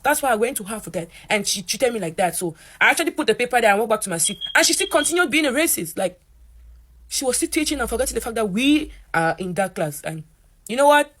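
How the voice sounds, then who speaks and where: Animated young woman telling a storytime. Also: fast. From Africa. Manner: animated, voices quotes in a higher pitch. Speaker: college student. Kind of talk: storytime rant to camera.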